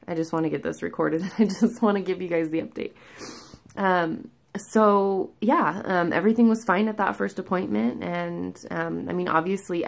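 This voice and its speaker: A woman's voice: lowish voice, gravelly. A woman vlogger giving a candid, rambling personal update, a little out of breath and full of fillers. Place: at home, sitting.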